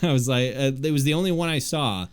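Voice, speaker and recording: A man's voice: mid-range voice, fast talker, clean tone. A young man with a nasal voice, co-hosting a podcast in casual, rambling chat full of fillers and restarts. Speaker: podcast co-host.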